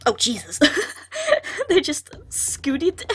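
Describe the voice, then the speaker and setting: A woman's voice: fairly high pitch, big pitch swings, slow pace, long pauses, fairly bright tone, faint music behind. A woman playing through a visual novel, reading it aloud and breaking into giggly, chatty asides. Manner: giggly, chatty asides between read lines. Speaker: let's-play gamer.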